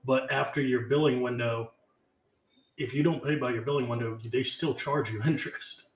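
Tired deadpan young man, roomy echo. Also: medium pitch, normal speed. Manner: deadpan, mumbly, sarcastic. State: tired and run-down. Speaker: podcast co-host. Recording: roomy with faint background noise.

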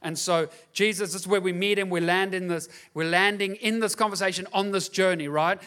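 A man's voice: sits high, fairly even intonation, fairly quick, fairly bright tone, clean tone. A male pastor giving a sermon in a conversational, joking way, often asking the crowd "right?".

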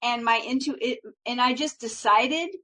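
A middle-aged woman life coach with a fairly high voice talks in a casual, upbeat way. She sounds reassuring and laughs easily as she chats. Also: moderate pace, sharp tone, poor audio. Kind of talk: casual chat.

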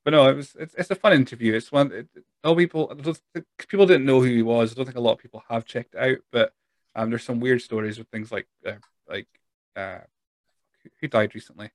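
A Scottish man hosts a casual podcast chat at an everyday pitch. He laughs often and drifts off into restarts mid-thought. The sound is dry and close to the mic. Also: fast, no echo. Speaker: podcast host.

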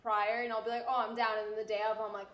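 A woman's voice: mid-range voice, little pitch movement, rapid-fire, crowd noise. A young woman chatting bluntly as a podcast guest, swearing casually. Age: young adult. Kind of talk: casual chat.

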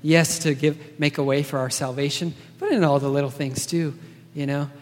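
A man's voice: a little high, normal speed, a little mellow. A man preaching a sermon in a casual, earnest way, often checking in with his listeners by asking "right?". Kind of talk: conversational sermon. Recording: long reverb of a large hall.

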